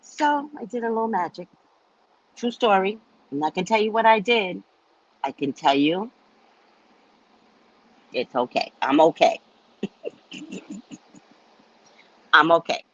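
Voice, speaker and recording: A woman hosting a psychic live stream, telling a casual, chatty story in an animated way with frequent laughs and repeated words. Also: medium pitch, measured pace, long pauses, no echo, dull audio.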